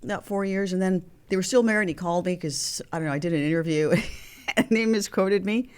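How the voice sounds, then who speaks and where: A woman's voice: lowish voice, fast, clean tone. A woman in her sixties, a guest telling candid personal stories in an interview, acting out the phone calls she recounts. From Mexican heritage. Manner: animated, acts out phone calls in quoted voices.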